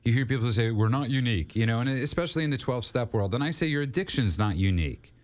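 A man's voice: medium pitch, rapid-fire. A man hosting a call-in radio show, earnest and encouraging, often repeating his words as he starts a sentence.

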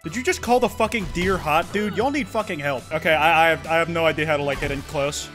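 Profane, excitable young man streaming. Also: a little high, quick pace, few pauses, faint music behind. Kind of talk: gameplay commentary.

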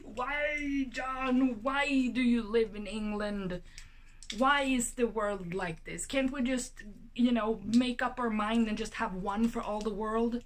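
A high-voiced young woman chats to the camera in her apartment while opening a package. She is talkative and excitable, breaking into gasps and exclamations between rambling asides. A faint hiss sits under the home recording. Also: slow. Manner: chatty and excitable, gasping and exclaiming, many fillers. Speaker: vlogger. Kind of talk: casual unboxing vlog.

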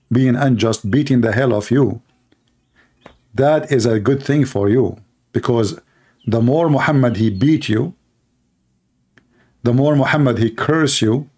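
A man's voice: mid-range voice, darkish tone. A middle-aged man who is a Christian apologist host. He gives heated, emphatic livestream commentary and repeats himself a lot. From Arab world.

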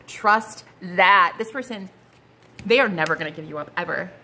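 A woman's voice: lowish voice, normal speed, sharp tone, a little hiss or hum. A woman giving a casual, gushing tarot reading, full of slang and asides. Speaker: tarot card reader.

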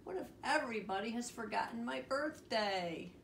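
A woman voicing a young boy frog in a read-aloud storybook, speaking high and eager. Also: expressive, moderate pace, gravelly, slight background noise. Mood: worried. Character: young boy frog, bouncy and easily worried. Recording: roomy, distant home recording.

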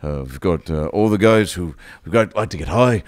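A man's voice: moderate pace, a little mellow, dry recording, studio quality, close to an everyday voice. A man doing a mumbling, drowsy film star. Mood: loose, rambling. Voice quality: low, mumbled voice with a slight British affectation. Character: drowsy, mumbling male film star, laid-back and rambling.

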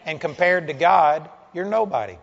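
A man's voice: on the high side, expressive, moderate pace, vocal fry, heavy background noise. A man preaching a sermon in a blunt, folksy way, joking with the crowd. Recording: dull lo-fi sound with long hall reverb.

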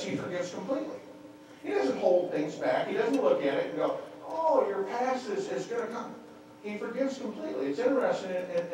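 A man's voice: high voice, a little mellow, distant mic, slight background noise. A man preaching a sermon and telling stories, often repeating words as he restarts. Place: church sanctuary. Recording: echoey church hall, mic from afar.

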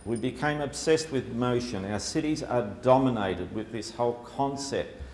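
A man's voice: mid-range voice, moderate pace, darkish tone. A man giving a chatty, humorous public talk with slides to an audience, with lots of fillers. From Australia. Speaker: speaker. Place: lecture hall before an audience. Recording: echoey hall, faint background noise.

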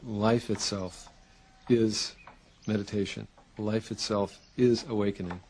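A man teaching Zen, giving meditation instructions in a calm, measured way with unhurried pauses. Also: lowish voice, slight background noise.

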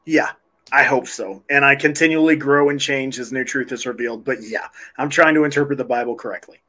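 Christian guy in a debate, earnest, plain talk, middle pitch. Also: a little fast, bright, forceful tone. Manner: earnest, plain-spoken, some restarts. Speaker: Christian podcast host. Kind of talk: online debate.

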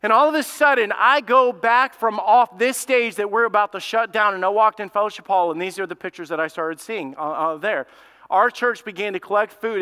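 A man preaching a sermon as pastor, telling a story in a lively, conversational way. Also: sits high, clean tone. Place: church sanctuary. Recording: long hall reverb.

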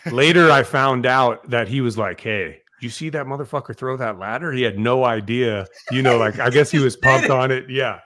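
A middle-aged man, a fire captain, telling casual stories from his early days and acting out the quotes loudly and with swearing. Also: medium pitch, moderate pace, few pauses. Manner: animated storyteller, swears, acts out quotes loudly. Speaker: podcast guest, fire captain. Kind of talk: casual storytelling.

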